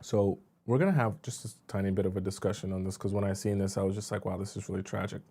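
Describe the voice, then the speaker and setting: A man's voice: deep voice, steady tone, fast talker, warm tone. A man hosting a casual reaction stream on a pin mic, talking straight to his viewers with many fillers. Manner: chatty, addresses viewers directly, many fillers. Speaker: host reacting to videos.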